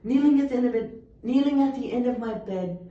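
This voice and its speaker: A woman's voice: on the high side, brisk. A young woman reciting poems earnestly, with emphatic delivery. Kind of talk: poetry recitation. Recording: echoey, distant, muffled room recording.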